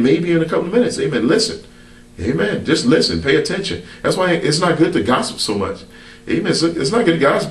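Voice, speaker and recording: A man preaching to the camera with a lively voice that rises and falls as he leans into his points. He peppers his talk with amens and hallelujahs in a loose, colloquial style. He stands set back from the mic in a roomy, echoing space. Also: medium pitch, far from the mic. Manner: preacherly call-and-response, frequent amens. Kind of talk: sermon to camera.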